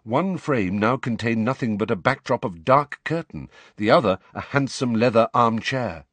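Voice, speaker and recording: A man's voice: medium pitch, lively intonation, moderate pace, a bit bright, dry recording. A man narrating an audiobook expressively, shifting his voice for the characters.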